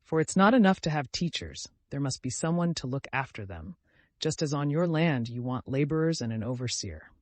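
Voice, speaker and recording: A man voicing a gentle, modest older aristocratic gentleman in an audiobook, polite and self-deprecating. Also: medium pitch, lively intonation, normal speed, no echo, natural voice. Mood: earnest.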